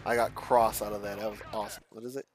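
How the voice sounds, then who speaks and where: Soft music plays behind a young man of Mexican family background who talks fast in a lowish, level voice. Streaming a driving game, he chats and rambles loosely, swearing frequently and restarting lines.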